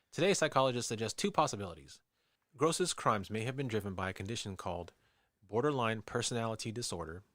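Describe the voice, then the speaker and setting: Male podcast co-host, lowish voice, dry mic, steady script reading. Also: no echo. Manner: reads narration steadily, laughs easily in banter. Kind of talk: reading a true-crime script, then casual chat.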